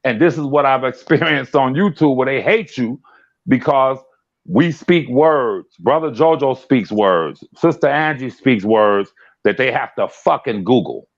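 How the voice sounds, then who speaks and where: A man talking bluntly in a casual live-stream chat, animated, swearing and often laughing. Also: mid-range voice, measured pace. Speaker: guest commentator. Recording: dull lo-fi stream audio.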